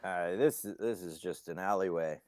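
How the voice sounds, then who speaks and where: A foul-mouthed, impatient henchman grumbles and swears, as a man puts him on. His voice pushes up from a deep base to a strained, louder bark. He is dry and close, with no room around him. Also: moderate pace, no echo, close to an everyday voice. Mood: explaining. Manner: cursing, impatient.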